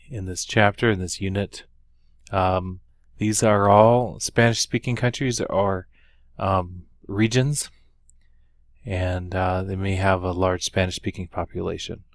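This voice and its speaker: Slow, low-voiced man teaching Spanish. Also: no echo. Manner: unhurried, with many ums and uhs, slow careful Spanish examples. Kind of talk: recorded lesson walkthrough.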